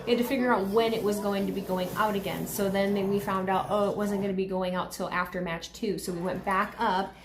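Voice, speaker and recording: A woman hosting a live watchalong stream, talking casually and rambling with lots of fillers, her voice a bit hoarse. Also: mid-range voice, steady tone, a little fast, hardly any pauses, echoey room, a little hiss or hum. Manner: chatty, rambling, heavy use of "like". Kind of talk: live casual reaction chat.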